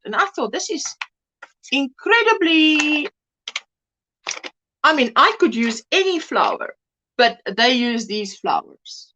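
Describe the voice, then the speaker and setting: A woman chats her way through a crochet livestream in a high-pitched voice. Her tone swings up and down as she gushes over patterns and calls out hellos to the chat. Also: sharp tone. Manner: chatty, exclaims over projects and greets viewers in the chat. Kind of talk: casual live-stream chat.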